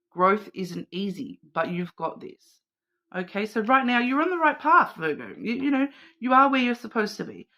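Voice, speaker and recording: A woman's voice: fairly high pitch, big pitch swings, moderate pace, bright, forceful tone. A woman with an Australian accent doing a casual card reading, rambling with many fillers and restarts. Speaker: card reader.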